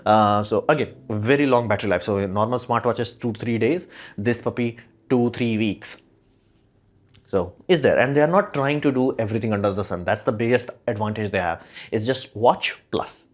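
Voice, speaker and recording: A man's voice: fairly low pitch, moderate pace. A man hosting a tech show, talking casually about gadgets with a chatty, wry manner and lots of fillers.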